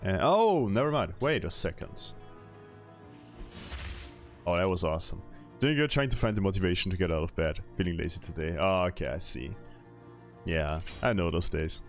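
Low-voiced man streaming a game. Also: moderate pace, pauses often, soft background music. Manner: chatty, reads chat aloud, laughs often. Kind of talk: casual gameplay commentary.

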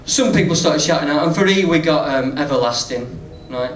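A man's voice: fairly high pitch, fairly quick. A man with a Northern English accent telling a stand-up story, chatty, swearing freely and laughing at his own jokes. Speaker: stand-up comedian. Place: comedy club stage with audience. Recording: roomy, distant live recording with noise.

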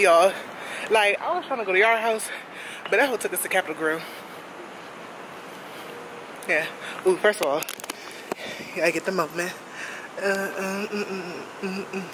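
A woman's voice: lowish voice, background noise. A young woman vlogging casually to her phone camera, chatty and effusive, often saying "like" and "y'all". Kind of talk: casual vlog talk to camera.

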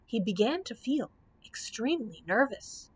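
A woman librarian reads a children's storybook aloud, clear and steady with the odd slip. Her voice sits a little high for a woman. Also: unhurried. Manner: clear, steady reading with small slips. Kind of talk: children's book read-aloud.

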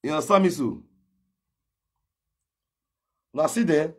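Husky Nigerian Pidgin man ranting loudly. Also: high-pitched, very animated, fast. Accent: Nigerian Pidgin English. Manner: confrontational, calls out and challenges directly. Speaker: gossip commentator. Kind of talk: ranting social media commentary.

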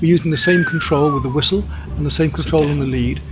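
A man, a dog trainer, narrating an instructional voice-over in a calm, measured, advisory way. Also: a little high. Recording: voice-over with music bed.

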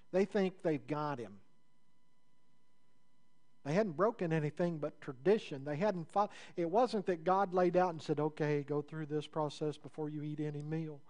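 A man preaching a sermon in a conversational way, building up with rising emphasis and then dropping into low, quiet asides. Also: moderate pace. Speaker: pastor.

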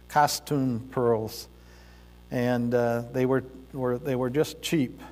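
A man preaching a sermon in a church sanctuary, speaking deliberately with pauses and the odd filler as he tells a story. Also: mid-range voice, darkish tone. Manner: slow, deliberate delivery with pauses and occasional fillers. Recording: reverberant church hall.

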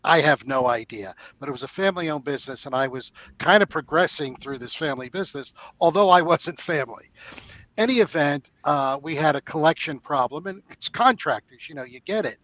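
A man's voice: fairly high pitch, animated, fairly quick, fairly bright tone, highs cut off. A man on a webinar panel, a former controller, telling jokey anecdotes from his career.

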